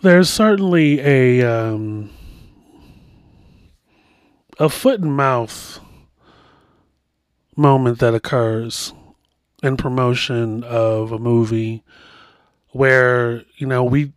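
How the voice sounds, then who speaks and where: A man's voice: medium pitch, takes it slowly, pauses often, smooth, no echo, clean studio sound. A man hosting a podcast, chatting casually and rambling through asides as he comments. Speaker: podcast host.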